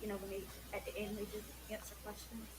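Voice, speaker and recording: A woman's voice: medium pitch, monotone, fast talker. A woman bystander explaining things hesitantly, heard from a distance. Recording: distant voice in background noise.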